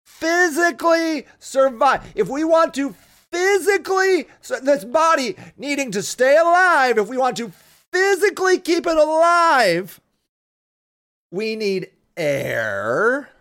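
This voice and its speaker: Furious, high-voiced woman ranting profanely. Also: fairly bright tone. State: angry. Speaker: podcast host. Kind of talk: solo podcast rant.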